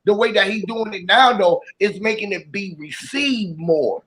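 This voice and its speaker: A man in a casual podcast conversation, talking in an animated, rambling, slangy way. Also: sits high, moderate pace.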